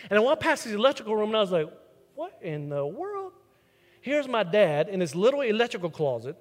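A man preaches a sermon, mixing scripture with stories and acting out quoted voices. His voice sits high for a man. The sound carries the long reverb of a large hall. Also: animated, fast talker. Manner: storytelling, acts out quoted voices. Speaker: pastor.

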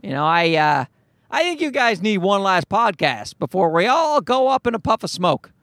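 A man's voice: high-pitched, big pitch swings, moderate pace, fairly bright tone, dry recording, clean studio sound. A man hosting a solo podcast, ranting in an exasperated, profane and rambling way. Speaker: podcast host. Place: recorded at home at night.

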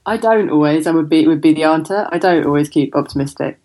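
A woman guest speaks candidly in a casual interview, self-deprecating and rambling. Her voice sits very low for a woman. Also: quick pace, mellow. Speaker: guest, charity communications head.

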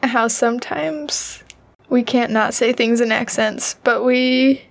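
A woman with a Utah accent co-hosting a podcast, chatting in a quick, animated and playful way. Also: fairly high pitch, creaky. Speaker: podcast co-host. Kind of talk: casual chat.

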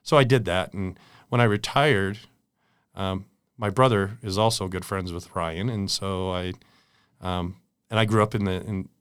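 Speaking slowly and steadily in a deep voice, this American man in his forties is a product manager guesting on an interview. He swaps casual, laugh-filled stories, and the studio-quality audio is clean with no echo.

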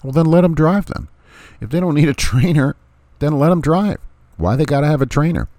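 A man's voice: fairly high pitch, animated, fairly quick, warm tone, no room sound. A man hosting a podcast, talking bluntly and sarcastically, hammering his points home with repetition. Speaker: podcast host. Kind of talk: casual opinion podcast.

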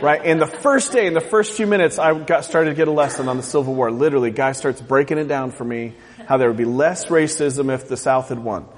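A man's voice: mid-range voice, a little fast, few pauses, in a large hall. A man from the US West Coast preaching a sermon as pastor, joking and asking the congregation questions. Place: church sanctuary.

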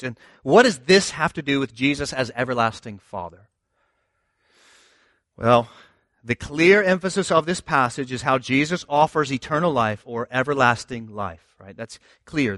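A man preaches a sermon in a loose, conversational way, pressing his points with emphasis and rhetorical questions. His voice sits at a middling pitch and is recorded dry and close, with little sound of the room. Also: a bit bright, dry recording. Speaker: pastor.

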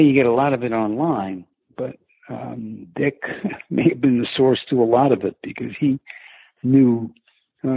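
A man's voice: mid-range voice, creaky, husky, no echo. A man with a New York accent, a sports broadcaster answering interview questions in a chatty, reflective way with many fillers. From Brooklyn, New York. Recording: tinny phone-line sound, dry.

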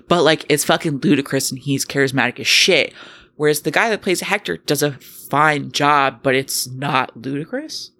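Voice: mid-range voice, sharp tone, dry recording. A co-host of a casual film review podcast, offering wry, dry-humored analysis.

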